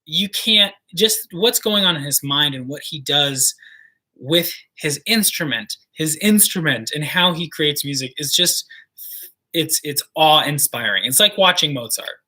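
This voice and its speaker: A young man co-hosting a casual livestream chat about singing, talking in an enthusiastic, chatty way with quick asides. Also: a little high, lively intonation, sharp tone. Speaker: co-host of a singing channel.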